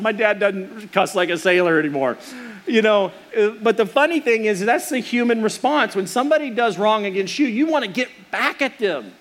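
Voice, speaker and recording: A man's voice: sits high, moderate pace, fairly bright tone. A middle-aged man preaching a sermon, earnest and storytelling, with restarts and fillers. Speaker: pastor.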